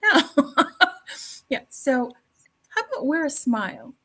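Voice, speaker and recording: On a low-quality recording, a woman hosting a talk show podcast chats at normal speed in a high, sing-song voice that sounds pushed and bright. Her conversational delivery is earnest, with repeated phrases and plenty of fillers.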